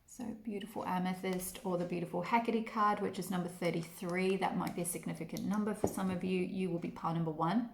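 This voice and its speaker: A woman giving a pick-a-card tarot reading, talking gently and rambling with many fillers and addressing the viewer fondly. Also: lowish voice, steady tone, fast talker, creaky, few pauses, echoey room, slight background noise. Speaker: tarot reader.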